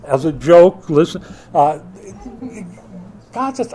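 A man preaching a sermon as pastor, swinging between loud emphatic bursts and quiet asides, with a wry, joking touch. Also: medium pitch, lively intonation, a little slow, long pauses, slight background noise. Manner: wry, joking delivery with mock quotes.

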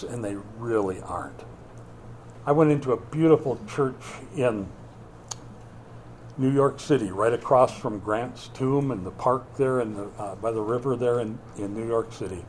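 Slow, dark-voiced man preaching. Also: a little hiss or hum. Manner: swings from loud emphatic bursts to quiet low asides; wry, joking delivery with mock quotes. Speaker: pastor. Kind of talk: sermon.

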